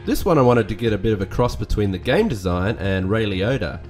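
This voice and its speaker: A man giving casual voice-over commentary on his old artwork, relaxed, self-critical and enthusiastic. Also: fairly low pitch, brisk, faint music behind. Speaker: artist reviewing his old work.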